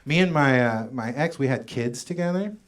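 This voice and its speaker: A man doing a stand-up comedy set on stage in a comedy club, with wry, deadpan asides that trail off. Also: mid-range voice, moderate pace.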